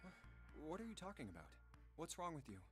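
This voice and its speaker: A man's voice: a little high, wildly swooping pitch, fairly quick, soft background music. An actor voicing an earnest, protective young male protagonist in a visual novel; he talks reassuringly and stammers when flustered. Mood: alarmed.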